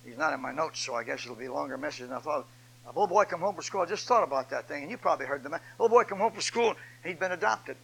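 An older man preaches with a notably high voice, swinging between loud, shouted repetitions and quiet, folksy storytelling. His delivery is homespun and repetitive, pulling listeners in as he talks. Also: lively intonation, rapid-fire, vocal fry, breathy edge, poor audio. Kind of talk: sermon.

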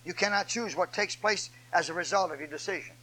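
An older man preaching a sermon, moving from loud, shouted, repeated declarations to low, folksy storytelling in a homespun delivery. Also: fairly quick, low-quality recording.

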